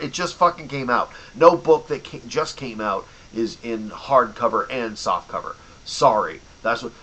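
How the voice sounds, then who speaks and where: A man's voice: medium pitch, lively intonation, moderate pace, few pauses, bright, forceful tone, rough recording. A young man ranting to camera in a heated, sarcastic way, swearing freely and mocking people, worked up after drinking. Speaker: vlogger and bookstore clerk. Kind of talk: angry profane rant to camera.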